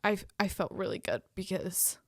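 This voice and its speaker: A woman's voice: medium pitch, expressive, moderate pace, dry recording, studio quality. A young woman co-hosting a podcast, telling a personal story in casual chat with many fillers and emotion. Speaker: podcast co-host.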